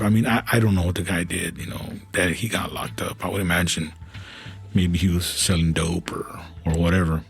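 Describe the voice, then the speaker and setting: A man hosting a podcast, telling stories in a casual and halting way with many fillers and restarts. His voice sometimes turns soft and emotional. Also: low voice, level tone, vocal fry, breathy edge, faint music behind. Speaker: podcast host. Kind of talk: casual storytelling.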